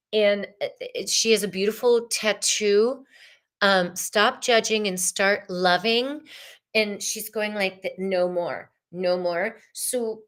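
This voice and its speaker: A middle-aged woman giving a slow, meandering live-stream tarot reading, soothing and full of fillers. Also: medium pitch, a bit bright. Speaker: tarot reader.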